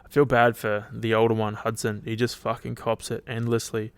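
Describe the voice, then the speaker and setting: A man's voice: lowish voice, level tone, normal speed, clear, resonant tone, dry recording. A young Australian man hosting his podcast alone, chatting casually in a loose, rambling and sweary way. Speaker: podcast host. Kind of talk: casual solo chat.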